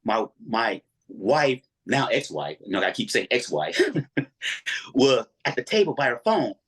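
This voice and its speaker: Husky, animated male storyteller. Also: medium pitch, unhurried. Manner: animated, acts out every voice in his story. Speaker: guest. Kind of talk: casual storytelling interview.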